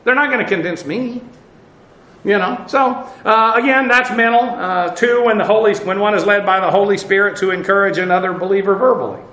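A man teaches scripture in a blunt, conversational way, full of "uh"s and restarts. His voice sits high and sounds bright. The room around him is echoey. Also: fairly quick. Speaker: preacher. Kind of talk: expository Bible teaching.

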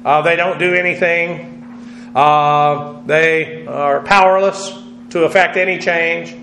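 High-voiced man preaching in an echoey hall. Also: steady tone, sharp tone, slight background noise. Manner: spells out Greek words letter by letter, many "uh" pauses. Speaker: pastor teaching a Bible study. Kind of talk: expository sermon.

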